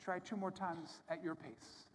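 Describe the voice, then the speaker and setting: A man teaching yoga to a live audience on a microphone, calmly cueing breath and movement step by step. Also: sits high, measured pace. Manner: calm, gentle, step-by-step cueing. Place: large hall at a yoga summit. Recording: long hall reverb with faint room ambience.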